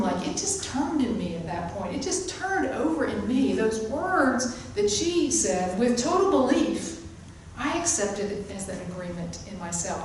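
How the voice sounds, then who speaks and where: A female spiritual teacher with a mid-range voice delivers an emphatic, sermon-like talk, repeating her key phrases, in the hall of a spiritual center. The echoey room, distant mic, and a little hiss or hum mark the recording.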